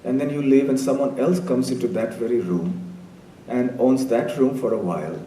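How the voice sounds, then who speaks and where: A mocking holy man sprawled across a path, as a lecturer puts him on. He speaks calmly and is amused, with a mellow voice that sounds far from the mic in an echoey room. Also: moderate pace, lightly acted. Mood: explaining. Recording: roomy distant hall sound, faint rumble.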